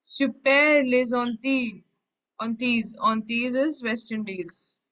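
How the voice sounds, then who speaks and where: A woman with a slightly high voice runs a language lesson. She reads a French phrase and then explains it in plain English, one step at a time, in a patient teaching tone. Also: unhurried, a bit bright, low-quality recording. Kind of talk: online language class explanation.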